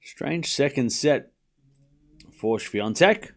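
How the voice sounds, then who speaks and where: A man's voice: medium pitch, extremely slow. Casual young man calling tennis live. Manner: relaxed, teasing with chat, breaks into laughter. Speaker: streamer doing live tennis watchalong commentary. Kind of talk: casual live play-by-play commentary.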